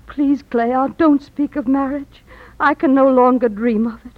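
Tearful young daughter, high voice, muffled old recording. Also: female voice, fairly even intonation, measured pace, a little hiss or hum. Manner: tearful, pleading. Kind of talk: vintage stage-play acting.

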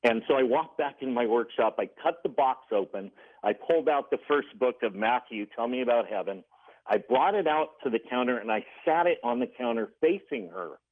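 A man's voice: mid-range voice, animated, normal speed. A man calling in to a radio show, earnestly telling a story and acting out what each person said. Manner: earnest, retelling dialogue in quotes. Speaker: caller. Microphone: telephone. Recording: tinny phone line.

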